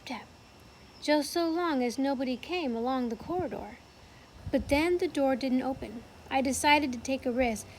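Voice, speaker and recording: Teacher lady reading a book to her class from home, pretty high voice. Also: slight background noise. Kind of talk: reading a novel aloud to a class.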